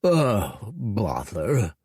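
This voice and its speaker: A man's voice: lowish voice, huge pitch swings, extremely slow, a little mellow, slightly rough, dry recording, studio quality, exaggerated voice. A man voicing a lazy, smug male dragon lord who drawls his lines with condescension. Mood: drawling, smug.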